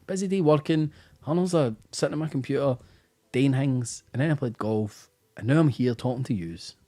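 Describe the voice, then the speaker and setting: A man's voice: mid-range voice, moderate pace, dark tone. A Scottish man hosting a casual live-stream quiz, chatty and teasing, tired after a busy day, over faint music. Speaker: quiz host.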